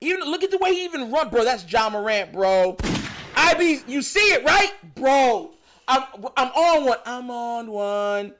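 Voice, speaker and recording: A man with a New York accent hosting a live stream, talking loudly in slangy, excited commentary, often shouting and laughing. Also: very high-pitched, moderate pace.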